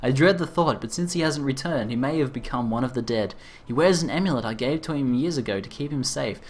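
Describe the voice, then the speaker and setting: Brief: anxious young sister, read by a male streamer, earnest and subdued, mid-pitched. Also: animated, fairly quick, a little hiss or hum, lightly acted. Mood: worried pleading. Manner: earnest, subdued attempt at a female voice. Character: worried young woman searching for her lost brother. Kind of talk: reading game dialogue aloud in voices.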